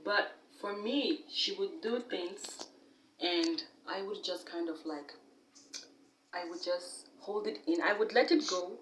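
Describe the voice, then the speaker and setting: A young woman vlogger talking candidly to camera in a casual, animated way, sometimes laughing at herself. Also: on the low side, reverberant, far from the mic, slight background noise, rough recording.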